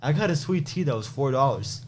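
A man's voice: medium pitch, brisk, slight background noise. A young man co-hosting a podcast, telling stories in casual chat, laughing often and swearing freely. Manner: laughing storyteller, swearing, animated impressions. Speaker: podcast co-host.

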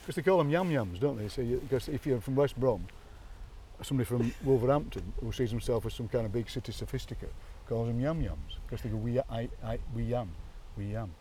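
A man with a Yorkshire accent chatting on an outdoor walk, an animated storyteller who mimics local accents and laughs often. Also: medium pitch, fairly quick, distant mic, slight background noise. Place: outdoors by a graveyard.

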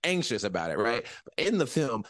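A man retells a film scene for a podcast, jumping into quoted voices as he goes. His voice sits in an ordinary middle pitch. It is recorded dry and close, with no room sound. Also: moderate pace, no room sound. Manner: animated storytelling with acted-out quotes. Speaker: podcast co-host or guest. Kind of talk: casual movie discussion.

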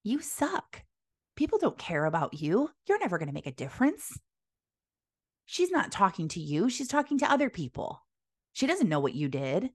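A woman voicing a taunting male devil who whispers accusing lies, in a lowered, sneering tone. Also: sing-song, normal speed, husky, no room sound, studio quality.

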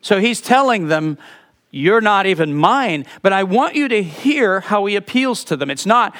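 A man preaching a sermon as pastor, animated, with sudden drops to a soft voice. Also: high-pitched, moderate pace.

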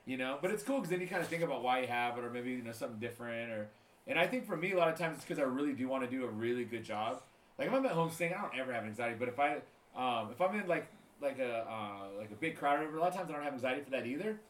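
Fast-talking man in a roomy room. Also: medium pitch, lively intonation. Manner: laid-back, rambling, many fillers. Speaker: podcast host. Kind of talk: casual podcast chat. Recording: roomy echo.

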